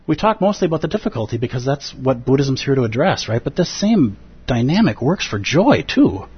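A man, a Buddhist teacher, giving an earnest and expressive dharma talk at a retreat, acting out feelings with gasps and pauses. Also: medium pitch, breathy edge. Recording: dull lo-fi recording.

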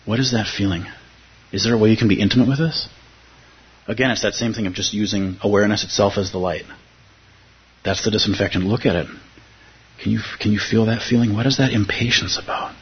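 Husky meditation teacher giving a dharma talk to a room, low voice, repeats himself, dull muffled recording. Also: male voice, a little fast, long pauses. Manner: conversational, repeats key phrases, asks rhetorical questions. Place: room with a live audience.

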